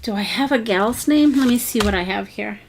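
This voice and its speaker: A woman's voice: medium pitch, lively intonation, normal speed, slight background noise. A woman hosting a crafting tutorial, thinking aloud in a casual, hesitant way with many ums and bits of self-talk. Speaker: craft channel host.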